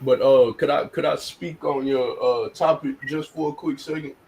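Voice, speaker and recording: A man's voice: medium pitch, fairly even intonation, moderate pace, vocal fry, a little mellow, a little hiss or hum, poor audio. A man speaking bluntly and earnestly in casual live-stream chat, often restarting and repeating words.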